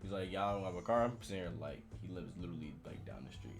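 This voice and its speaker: A man's voice: deep voice, fast talker, vocal fry, over music. A man co-hosting a podcast, telling a long story in casual chat, with lots of slang and retold dialogue. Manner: storytelling, animated retelling with slang. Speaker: podcast co-host.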